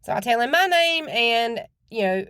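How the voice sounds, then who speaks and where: Blunt, chatty woman podcaster with a higher voice. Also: lively intonation, moderate pace, a bit bright, no room sound, studio quality. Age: adult with children. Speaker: true crime podcast host. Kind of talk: casual true crime podcast chat.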